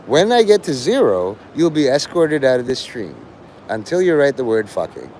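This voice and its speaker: Animated man lecturing a livestream chat. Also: medium pitch, normal speed, a little hiss or hum. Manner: lecturing, taunting, mock-teacherly.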